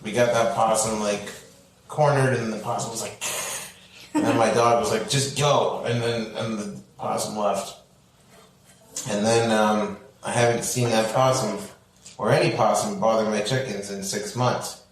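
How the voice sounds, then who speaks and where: Male podcast host, lively storyteller who acts out every voice; roomy, distant recording. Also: a little slow, a little hiss or hum. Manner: acts out voices with big swings in pitch. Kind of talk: animated storytelling in casual chat. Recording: roomy and off-mic.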